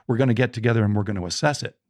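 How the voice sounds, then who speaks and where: A man in his sixties, a podcast guest telling a story from his childhood in an animated way and voicing the people in it. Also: lowish voice, rapid-fire, dry recording, studio quality. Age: 60s.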